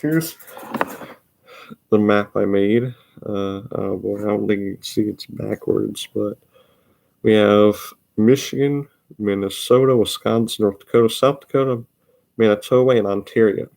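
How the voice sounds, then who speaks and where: A man's voice: lowish voice, measured pace, vocal fry, darkish tone. A young man with an Upper Midwest accent, rambling in a casual solo vlog, drawing out his vowels and repeating words. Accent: Upper Midwest American. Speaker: vlogger.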